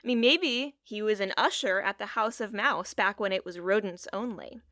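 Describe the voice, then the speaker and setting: A woman's voice: mid-range voice, normal speed, pushed and bright, dry recording, studio quality. A woman co-hosting a podcast in casual chat, rambling and giggly with a taste for puns. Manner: giggly, rambling, pun-loving. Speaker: podcast co-host.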